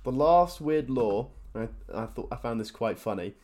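A man's voice: medium pitch, animated, moderate pace, a little mellow. A man hosting a casual podcast chat, laughing often and swearing offhandedly. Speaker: podcast host.

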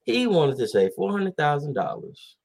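A man's voice: fairly high pitch, wildly swooping pitch, normal speed, vocal fry, a little mellow. A man hosting a casual talk show, rambling animatedly with many fillers and acted-out quotes. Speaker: podcast host. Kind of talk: casual chat about basketball.

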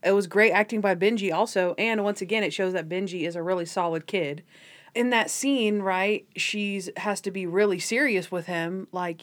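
A woman's voice: lowish voice, steady tone, moderate pace. A woman chatting casually as a podcast co-host, animatedly retelling scenes from an episode and acting out the characters' lines. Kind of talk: casual chat recapping a TV episode.

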